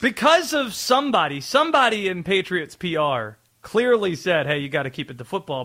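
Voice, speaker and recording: A man co-hosting a sports talk show, arguing his point in casual conversation with quick asides. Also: sits high, a bit bright. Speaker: sports podcast co-host.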